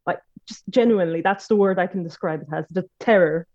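Hesitant, mellow-voiced woman in her late 20s. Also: on the low side, fast talker. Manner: hesitant, many fillers and restarts. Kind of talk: casual personal storytelling. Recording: dull lo-fi recording.

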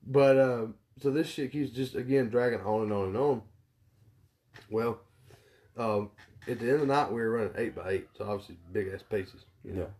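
A young podcast co-host tells a rambling, swear-filled story about his factory job in casual conversation, performing the voices of the people he quotes. He has a medium-pitched, darkish voice and talks at a normal speed.

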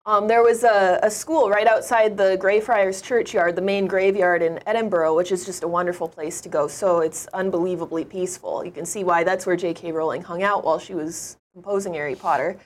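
A woman's voice: on the low side, steady tone, brisk, hardly any pauses. A woman guest on an interview show, chatting through her travel stories in an upbeat, rambling way. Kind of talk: conversational travel storytelling.

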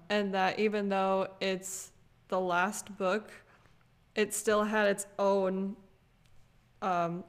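Young female podcast co-host, casual book chat, slow unhurried delivery, relaxed and filler-heavy. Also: medium pitch. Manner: unhurried, many fillers, laughs easily.

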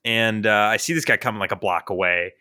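A young man co-hosting a podcast who tells a story in an animated, casual way, full of fillers and swearing. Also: fairly low pitch, fairly quick, clear, resonant tone, no room sound, clean studio sound. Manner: animated and profane, with frequent fillers. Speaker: podcast co-host.

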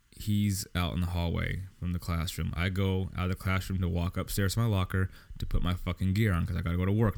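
A man's voice: deep voice, gravelly, a little mellow. A young man casually telling a story as a podcast host, swearing freely and sounding exasperated. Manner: profane, exasperated, lots of swearing.

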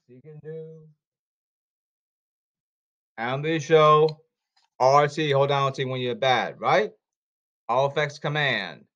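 A man ranting about baseball and social media in repetitive, halting bursts. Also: fairly high pitch, a bit bright, lo-fi sound. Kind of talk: rambling ranting commentary.

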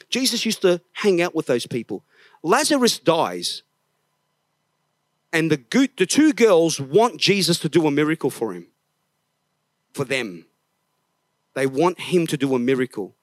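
High-voiced pastor preaching emphatically. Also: male voice, no echo. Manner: emphatic, swings from hushed to raised, sings snatches of songs. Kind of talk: sermon. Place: church service.

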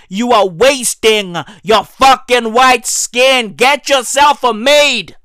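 A woman doing a profane comic rant to camera, emphatic and mocking. She keeps checking in with "right?" and bursts into high mock shouts. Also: slow, dry recording, studio quality. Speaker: comedian.

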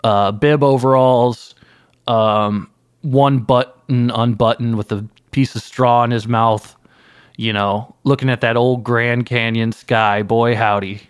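A man playing a guest in an improvised comedy interview, telling absurd stories with mock-earnest deadpan. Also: mid-range voice, takes it slowly, clear, resonant tone, no echo, clean studio sound. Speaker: guest playing an anime creator.

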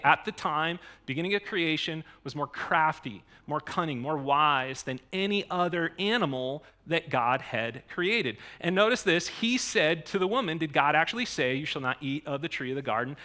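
A man preaching a sermon in a conversational, animated way, with frequent asides and rhetorical questions. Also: fairly high pitch. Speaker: pastor.

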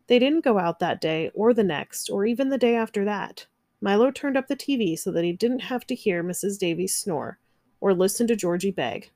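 A woman reading a children's picture book aloud, gentle and expressive. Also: medium pitch, normal speed, no echo, clean studio sound. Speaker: narrator. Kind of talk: children's storybook read-aloud.

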